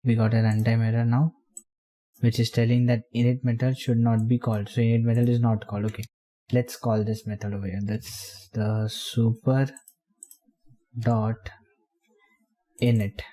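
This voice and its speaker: A man explaining programming step by step while typing, in halting phrases. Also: medium pitch, flat delivery, warm tone. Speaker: programming tutor. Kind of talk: screen-recorded coding tutorial.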